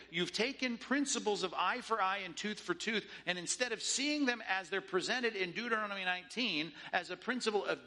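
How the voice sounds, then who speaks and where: A man's voice: sits high, sharp tone. A man preaching a sermon in an emphatic, rhetorical way, often mimicking the views he argues against. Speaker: pastor.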